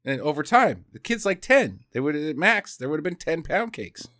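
An adult man, a parent, co-hosts a podcast, riffing casually and jokily on a movie and acting out its scenes with lively energy. His voice is fairly high and at normal speed, recorded at studio quality with no echo.

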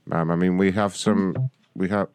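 A man hosting a radio prank call, talking in a deadpan, mock-official way. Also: low-pitched, moderate pace, dry recording.

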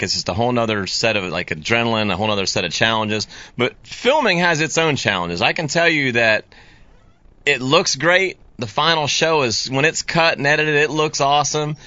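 A man talks as an interview guest, easygoing and rambling, his stories padded with "you know" and restarts. His voice is bright and forceful. The sound is dry and dull, like a lo-fi recording. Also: medium pitch, moderate pace, dry recording. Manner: rambling, laid-back storytelling with many fillers. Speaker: guest, fishing video creator. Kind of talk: casual interview chat.

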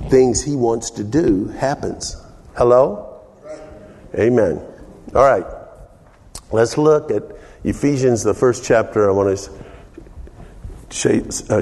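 Older male pastor, slow folksy sermon delivery, mellow dark tone, long hall echo. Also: on the low side. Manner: folksy, asks the congregation for amens.

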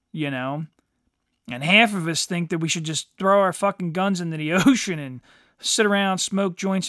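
A podcast host from the United States rants bluntly through a monologue in a high, pushed, bright male voice, swearing heavily and tacking "you know" onto his lines. The recording is studio quality with no echo.

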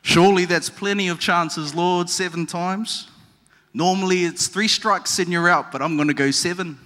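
A preacher putting on a drawling Kiwi disciple. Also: male voice, fairly even intonation, normal speed, pushed and bright. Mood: easygoing. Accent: New Zealand. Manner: drawling, easygoing, lower than his own voice. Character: laid-back male disciple with Kiwi twang. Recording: long echoey hall reverb.

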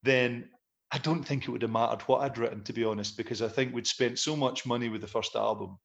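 A man's voice: mid-range voice, fairly even intonation, fairly quick, gravelly. A middle-aged man, a musician guest, telling rambling, self-deprecating anecdotes in a casual interview.

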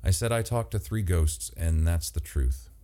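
A man doing a blunt, gruff older husband. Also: low-pitched, expressive, normal speed, mellow.

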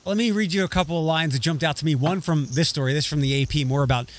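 A man's voice: on the high side, quick pace. A man co-hosting a casual discussion podcast, talking in a rambling way with frequent restarts. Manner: rambling, restarts often, reads news excerpts aloud.

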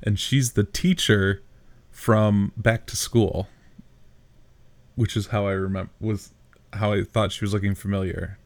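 A man with a fairly low voice, talking casually as a podcast co-host. He chimes in with details and keeps the conversation moving. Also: fairly even intonation, measured pace, long pauses. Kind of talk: casual movie recap chat.

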